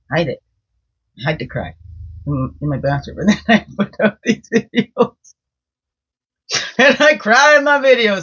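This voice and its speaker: A woman's voice: low voice, slightly rough. A woman and medicine woman giving a casual daily card reading, chatty, sing-song and openly emotional. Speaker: spiritual guide and medicine woman. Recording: dull lo-fi sound.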